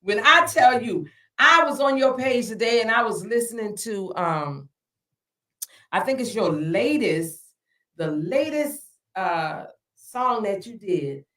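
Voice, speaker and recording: Slow emphatic woman, echoey room. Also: medium pitch, expressive, a bit bright. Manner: slow, emphatic, preacherly, repeats lines for stress. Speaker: alderwoman and podcast host. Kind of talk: casual podcast interview. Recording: echoey room, far from the mic.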